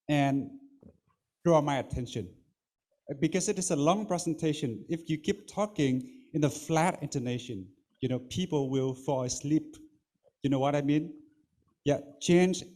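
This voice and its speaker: A man's voice: a little high, warm tone. A man, coaching a student as a contest judge in an emphatic way, often asking if he is understood. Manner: coaching, emphatic, repeats "you know what I mean". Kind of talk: spoken feedback to a student.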